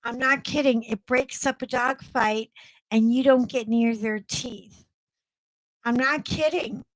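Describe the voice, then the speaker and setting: A woman's voice: fairly high pitch, steady tone, slow pace, dry recording, low-quality recording. Blunt, chatty middle-aged woman host. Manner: blunt, chatty, laughs often. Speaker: livestream host. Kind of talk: casual chat with live viewers.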